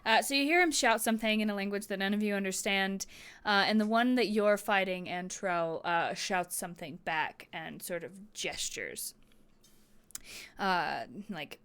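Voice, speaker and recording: A woman's voice: mid-range voice, measured pace, a bit bright, smooth. Chatty woman running a tabletop game. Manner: chatty, laughing, filler-heavy narration. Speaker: game master.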